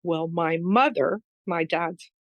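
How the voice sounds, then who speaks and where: A woman's voice: fairly low pitch, slow pace, no echo, rough recording. A middle-aged woman telling a heartfelt personal story as a podcast guest, earnest and emotional. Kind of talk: storytelling in a conversation.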